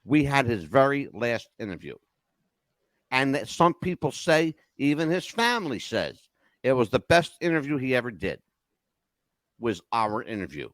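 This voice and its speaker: An older man hosting a podcast, telling stories in a lively, emotional casual chat. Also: medium pitch, moderate pace, no room sound. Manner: animated storyteller, emotional swings. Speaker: podcast host.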